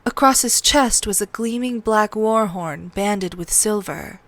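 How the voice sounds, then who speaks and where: A woman narrating a novel in a read-along, telling the story in a steady, even way. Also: mid-range voice, a little slow, no echo.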